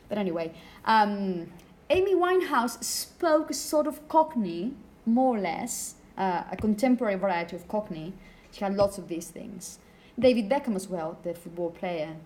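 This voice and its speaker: A woman's voice: mid-range voice, animated, moderate pace, a little mellow. A woman teaching a phonetics class in a classroom, chatty and apologetic, putting questions to her students. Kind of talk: classroom lecture.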